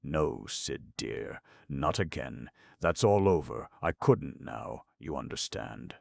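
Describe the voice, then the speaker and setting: A man playing a gentle, sorrowful society woman in an audiobook, speaking softly and tenderly. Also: deep voice, very animated, a little slow, gravelly, dry recording, clean studio sound, heavily acted. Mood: sad. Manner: soft and tender.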